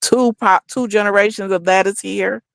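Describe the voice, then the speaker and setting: A woman's voice: medium pitch, normal speed, creaky, dry recording. Dry-sounding woman from Detroit chatting. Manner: relaxed, chatty storytelling. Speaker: co-host. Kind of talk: casual chat.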